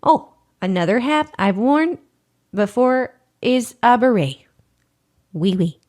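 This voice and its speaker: A woman's voice: on the high side, expressive, takes it slowly, a little mellow. A woman playing a flustered small-town TV host who stumbles over names while reading community announcements. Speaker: public access TV host.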